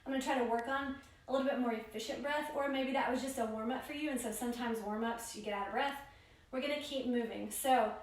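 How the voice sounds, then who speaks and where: Woman yoga teacher for a guided class, high voice, steady pose-by-pose cueing, miked from a distance in a booming room. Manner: steady spoken cues for each pose and breath. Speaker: yoga instructor. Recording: very echoey room, voice far from mic.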